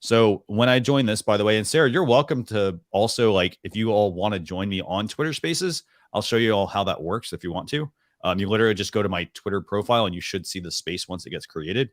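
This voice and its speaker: A man's voice: lowish voice, animated, brisk, no echo, studio quality. A man hosting a talk show, giving a casual live demo in a chatty, rambling way with lots of fillers and restarts. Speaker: show host.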